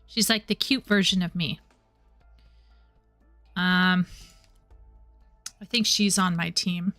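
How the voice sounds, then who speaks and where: Woman game streamer with a low, bright, tense voice, dry close sound. Chatty and stumbly. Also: steady tone, takes it slowly, dry recording, faint music behind. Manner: chatty, stumbles and repeats words, reads game dialogue aloud. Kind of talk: casual gameplay commentary.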